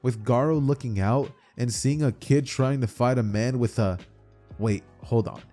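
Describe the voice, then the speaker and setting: Young man, casual chatty story narration, mellow voice, faint music. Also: mid-range voice, normal speed.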